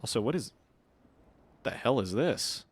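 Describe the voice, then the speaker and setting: A man's voice: medium pitch, expressive, measured pace. A man casually commenting on his gameplay during a live stream, wry and swearing when startled.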